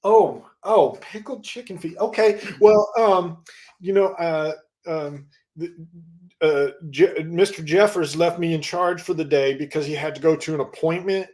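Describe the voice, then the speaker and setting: A man's voice: a little high, a little slow, darkish tone, lightly acted. A man voicing a nervous young shop clerk on his first day, fumbling and hesitating with many ums, in an improvised comedy scene.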